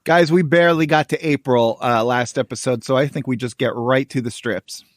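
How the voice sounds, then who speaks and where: A man's voice: mid-range voice, fairly even intonation, normal speed, dry recording. Man hosting a podcast, dry sound. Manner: friendly, welcoming, talks through each panel. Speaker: podcast host. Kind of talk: casual podcast chat and reading comic strips aloud.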